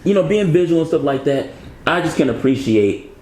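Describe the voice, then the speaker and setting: A man's voice: fairly high pitch, animated, brisk, dark tone. A man, a guest in a casual interview, talking in a laid-back, rambling way and laughing as he jokes. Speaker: interview guest, actor and comedian. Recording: roomy echo with faint background noise.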